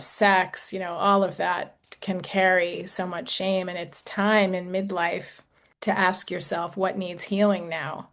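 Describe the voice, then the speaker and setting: A woman in her sixties, an intimacy coach talking gently and reflectively to a group, with casual fillers. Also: on the low side, gravelly. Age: 60s. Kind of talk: talk to a group.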